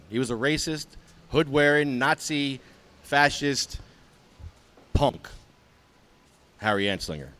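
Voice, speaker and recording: A man's voice: mid-range voice, a bit bright. A man hosting a live political talk show, combative and sarcastic.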